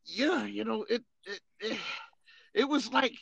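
A man's voice: high voice, a little slow, creaky, a bit bright, husky, no echo, highs cut off. A man, a podcast host and Army veteran, telling rambling, profane stories in a casual chat full of fillers.

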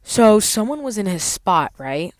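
A woman's voice: mid-range voice, big pitch swings, a little slow, a little mellow, no echo. A woman telling a storytime rant about her parking job in a blunt, profane, sassy way, with sudden emphatic outbursts. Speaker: valet parking attendant.

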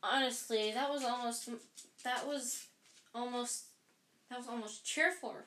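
Hermione, a woman doing a brisk schoolgirl. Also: fairly high pitch, fairly even intonation, pushed and bright, slight background noise. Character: bossy, brisk teenage schoolgirl, know-it-all. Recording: echoey room.

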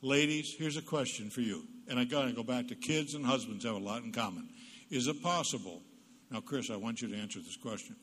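A guest speaker who is a psychologist gives a funny parenting talk through a PA microphone in an echoing church hall. His medium-pitched voice is fairly quick and fairly bright with a breathy edge, and he acts out the quotes in his stories.

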